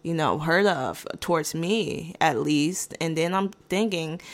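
Dry, sarcastic woman with a lowish voice. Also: measured pace, few pauses. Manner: rambling with restarts and asides. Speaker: podcast host. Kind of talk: casual storytime monologue.

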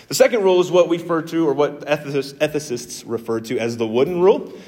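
A man preaching a sermon as a pastor, earnest and animated, with emphatic jumps in his voice. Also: fairly high pitch, fast. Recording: long hall reverb.

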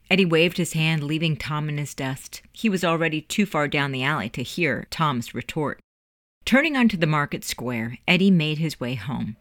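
An audiobook narrator with a middle pitch reads in a measured storytelling way. The sound is dry and close, with no room echo. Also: lively intonation, a bit bright. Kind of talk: scripted narration.

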